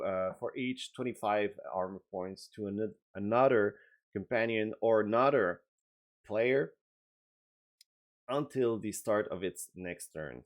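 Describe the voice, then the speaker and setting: A man with a French accent, a game designer giving a casual update video, talking hesitantly with many fillers and restarts. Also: fairly low pitch.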